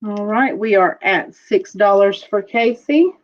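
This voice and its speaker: A woman hosting a casual live-streamed jewelry auction, chatting slowly as she describes pieces and calls out viewer bids. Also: mid-range voice, dull audio.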